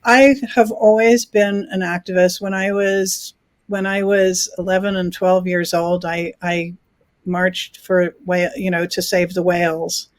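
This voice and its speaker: A film festival founder in her sixties, from New York but raised in England, answers interview questions conversationally, often restarting and laughing easily. Her voice is on the low side with little pitch movement, her pace is measured, and there is no echo.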